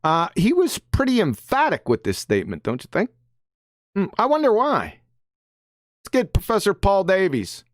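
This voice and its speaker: Huge pitch swings mark this mid-range voice, spoken at a normal pace by a live-show host who reads quotes and mocks them combatively. Everything is emphatic, and "right?" keeps coming up. The sound is dry and clean, straight from a studio.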